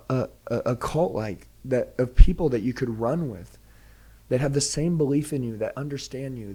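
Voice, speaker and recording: A man with a husky voice and a darker, mellow tone pushes a motivational pitch. He is direct and preachy and fires off one rhetorical question after another. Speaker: sales trainer, podcast guest.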